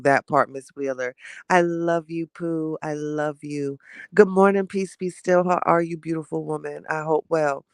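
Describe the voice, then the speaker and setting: A woman's voice: low-pitched, smooth, no echo. Heated, chatty woman, dry close sound. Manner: animated and heated, quick to rile, laughs between rants; chatty, talks straight to the audience. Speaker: livestream host reading viewer chat. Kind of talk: casual morning chat with viewers.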